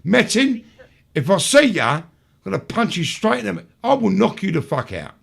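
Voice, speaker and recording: A gravelly, husky man rants on a live stream, swearing at every turn. His voice sits high and leaps all over the place as he mocks the people he quotes. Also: sing-song, normal speed, fairly bright tone. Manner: swears constantly, swings into high mocking voices. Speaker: show host.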